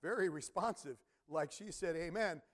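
A middle-aged man preaching a sermon as pastor, telling stories with bursts of shouting and imitated instrument sounds. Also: on the high side, moderate pace. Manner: animated storytelling, sudden shouts and imitated organ sounds.

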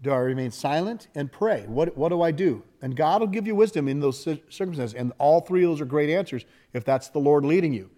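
A man's voice: fairly high pitch, lively intonation, a little fast, few pauses, mellow. A middle-aged man preaching a sermon in a folksy, conversational way, with asides and laughter shared with his congregation. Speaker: pastor.

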